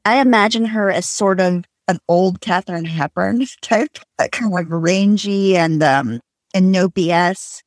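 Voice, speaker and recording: A woman's voice: fairly low pitch, unhurried, dry recording. A woman co-hosting a book discussion who talks in a thoughtful way with many hedging asides.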